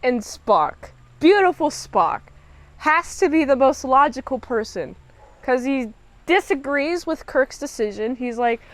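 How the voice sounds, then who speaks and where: A woman giving a casual, chatty spoiler review of a TV episode, animated and quick to laugh. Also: high-pitched. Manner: chatty, animated, laughs often, acts out characters' lines.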